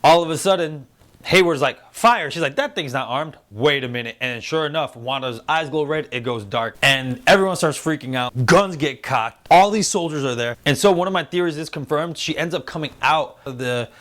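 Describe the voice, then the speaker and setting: A man hosting a casual spoiler review show, excitedly retelling scenes and acting out the characters' lines. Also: fairly high pitch, moderate pace. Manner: excitable, animated retelling with quoted voices. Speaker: show host reviewing a TV series.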